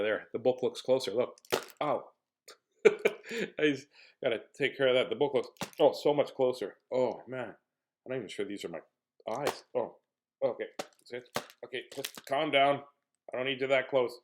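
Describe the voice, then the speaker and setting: A man's voice: medium pitch, a little hiss or hum. A man hosting a casual read-aloud stream for children, chatting playfully and joking with young viewers between pages. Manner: jokey, clowning between reading. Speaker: children's book reader and host.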